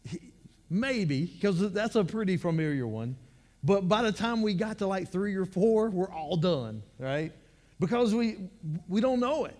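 A man preaches to his congregation in a loose, conversational way, doubling back on words as he pushes toward each point. His voice sits notably high for a man. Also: animated, a little slow, a little mellow. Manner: conversational, repeats words while building points. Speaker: pastor. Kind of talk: sermon.

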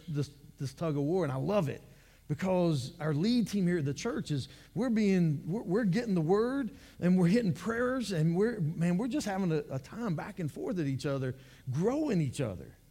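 High-voiced man preaching a casual sermon. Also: darkish tone. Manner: conversational, repeats words while building points. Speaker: pastor.

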